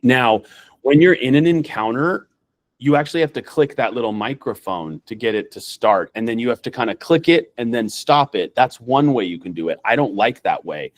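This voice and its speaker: A man's voice: mid-range voice, animated, normal speed. A man who works as a nurse practitioner, giving a casual, rambling training demo over a video call, full of fillers and restarts. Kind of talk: casual screen-share training talk.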